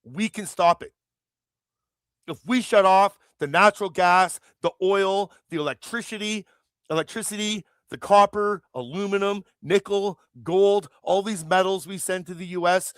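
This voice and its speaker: A man's voice: high voice, fairly bright tone, no room sound, studio quality. A man from Canada hosting a political livestream, ranting angrily with heavy swearing and rambling restarts. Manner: angry, profane, rambling. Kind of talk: heated political rant.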